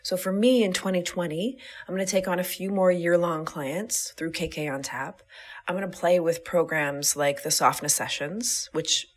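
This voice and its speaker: A woman's voice: lowish voice, moderate pace. Candid, breezy woman podcaster. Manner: candid, breezy, swears casually. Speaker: podcast host and business coach. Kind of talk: casual solo podcast talk.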